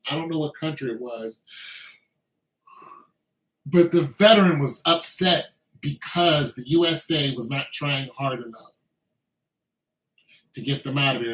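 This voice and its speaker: A man's voice: mid-range voice, fairly bright tone, echoey room, poor audio. A man, an army veteran, speaking in a casual commentary monologue, loose and conversational with many filler phrases. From Braddock, Pennsylvania.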